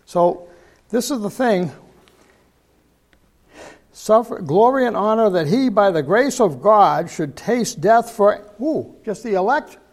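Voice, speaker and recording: Older man, preacher, gravelly voice, highish pitch, repeats words for emphasis. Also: lively intonation, slow, pauses often. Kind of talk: sermon.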